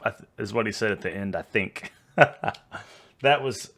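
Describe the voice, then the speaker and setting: Texan guy host, low-pitched, rambling casual reactions, a bit tipsy. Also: normal speed, gravelly, a bit bright. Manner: rambling, chatty, laughs easily.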